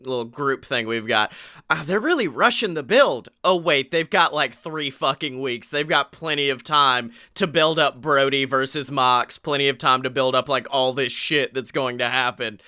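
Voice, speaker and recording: Bright, excitable man on a podcast. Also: medium pitch, clear, resonant tone, no room sound, studio quality. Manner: rambling, profane, quick to break into mock voices. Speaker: podcast co-host. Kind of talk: casual chat.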